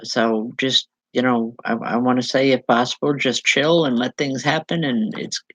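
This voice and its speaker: A woman medium giving a live spiritual reading to viewers, speaking in halting, repeated phrases with soft reassurance. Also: a bass voice, fairly even intonation, no room sound, poor audio. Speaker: psychic medium.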